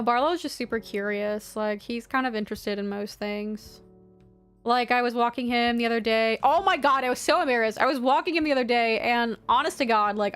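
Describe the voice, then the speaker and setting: A woman's voice: on the high side, clean tone. A young woman vlogging from her desk at home, chatting casually and telling stories with lots of swearing. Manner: chatty, swears often, animated storytelling. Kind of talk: casual chat.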